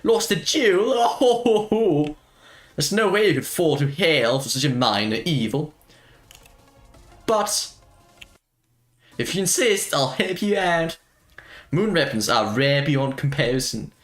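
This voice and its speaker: A gamer doing a swaggering wolf matriarch, drawling in a put-on American accent with bold, lively swings of pitch. Faint music plays underneath. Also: a little slow, long pauses, roomy sound. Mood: mocking. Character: boastful cowboy wolf matriarch woman, swaggering. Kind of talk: reading game dialogue aloud.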